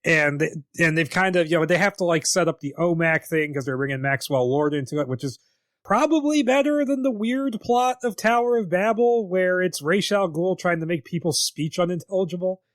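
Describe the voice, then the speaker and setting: A man's voice: sits high, normal speed, no room sound, clean studio sound. A man co-hosting a podcast in casual chat, wry and laughing easily as he retells scenes, with some swearing. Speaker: podcast co-host.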